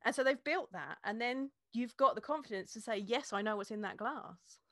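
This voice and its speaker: A woman's voice: fairly high pitch, normal speed, pushed and bright, dry recording, clean studio sound. A woman who teaches beer tasting, a guest in a casual interview, explaining with energy and laughing often.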